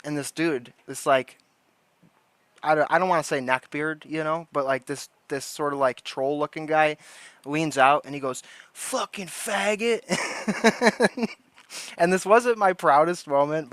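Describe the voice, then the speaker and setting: A man's voice: fairly high pitch, fairly bright tone, dry recording. A man hosting a casual livestream, telling rambling stories and laughing often. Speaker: livestream host.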